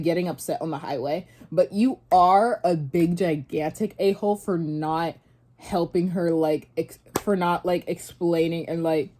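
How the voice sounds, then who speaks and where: A young woman talks through a story for her vlog, her voice a bit low and mellow. She rambles with plenty of fillers and false starts, loose and chatty. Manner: rambling, animated retelling with many fillers and restarts. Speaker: vlogger. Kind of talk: casual storytime and reaction.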